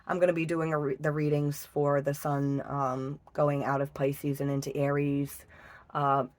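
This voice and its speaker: A woman's voice: low-pitched, level tone, a little slow. Emotional swearing woman reading tarot. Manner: emotional, swears often, trails off and restarts. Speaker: tarot reader. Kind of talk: casual tarot reading vlog.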